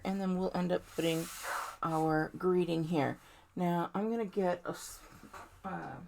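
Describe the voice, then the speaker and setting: Gravelly-voiced woman demonstrating card crafting. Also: lowish voice, a little hiss or hum. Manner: chatty, warm-hearted, talks to viewers directly. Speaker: card-making tutorial host. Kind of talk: casual step-by-step crafting demo.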